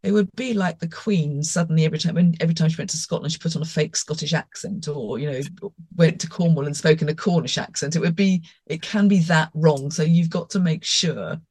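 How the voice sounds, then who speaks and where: Brisk woman, dry close sound. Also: low voice, a little mellow, slightly rough, no room sound. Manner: brisk, emphatic storyteller. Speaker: podcast co-host. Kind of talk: casual conversational chat.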